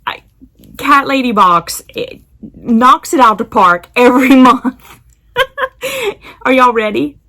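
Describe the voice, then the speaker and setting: A woman's voice: high-pitched, very animated, slow pace, long pauses, pushed and bright. A woman chatting casually while unboxing, giggling often and talking to her cat. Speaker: unboxing vlogger.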